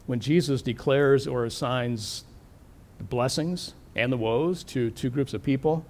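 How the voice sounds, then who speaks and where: A middle-aged man preaching a sermon, thoughtful and questioning, slowing down to stress key words. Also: medium pitch, a little mellow. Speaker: pastor.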